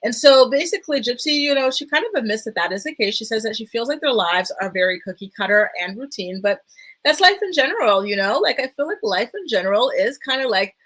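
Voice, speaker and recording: A woman's voice: on the high side, sing-song, fast talker, a bit bright, low-quality recording. Chatty woman recapping a reality show. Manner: chatty, many fillers, dips into quoted voices. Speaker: recap vlogger. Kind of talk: casual recap commentary.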